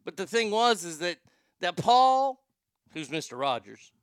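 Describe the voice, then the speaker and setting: A man's voice: high-pitched, very animated, a little slow, clear, resonant tone, no room sound, clean studio sound. A man hosting a talk show, ranting in sarcastic, profane comedic commentary and ad-libbing wild stories. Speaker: podcast host.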